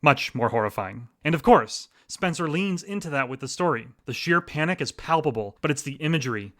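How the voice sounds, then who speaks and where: Here a thirtysomething podcast host talks animatedly and fairly quickly, his voice on the high side with a fairly bright tone. Casually recommending stories he enjoyed, he stays enthusiastic and chatty, often joking about himself.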